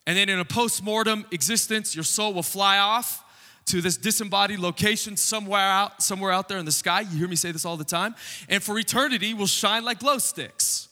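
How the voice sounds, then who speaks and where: A man preaches a sermon in a church, his fairly high voice bright and forceful. He talks to the congregation conversationally and tosses in joking asides. A long reverb from the hall trails behind his words. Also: brisk. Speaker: pastor. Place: church sanctuary.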